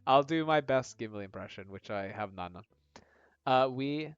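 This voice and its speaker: A man's voice: on the low side, moderate pace, clean tone, no room sound, highs cut off. A man narrating a tabletop-style video game on a live stream, chatty and self-mocking.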